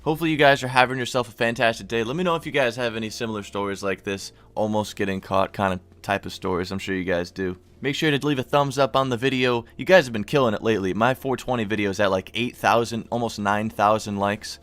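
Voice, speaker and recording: Profane young stoner vlogger. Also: male voice, on the low side, fairly even intonation, fast talker, few pauses, a bit bright. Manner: loose, profane, stoner slang. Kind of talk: casual storytime commentary.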